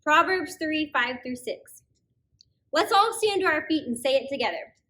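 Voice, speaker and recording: Bright, upbeat woman hosting kids' church. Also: high voice, lively intonation, moderate pace. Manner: upbeat, encouraging teacher voice. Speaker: children's ministry host.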